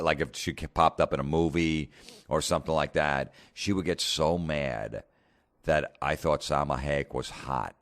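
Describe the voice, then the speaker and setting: Very deep-voiced sarcastic man ranting. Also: moderate pace, fairly bright tone, no echo. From New Jersey. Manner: sarcastic, mocking, swears constantly. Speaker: comedian podcast host. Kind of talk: profane comedic rant.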